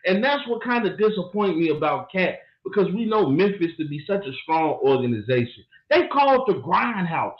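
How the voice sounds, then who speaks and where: On a sports podcast, a male co-host with a high-pitched, very animated voice keeps a moderate pace and barely pauses. His casual sports chat is emphatic, full of laughter and teasing trash talk, captured with echoey, dull lo-fi room sound.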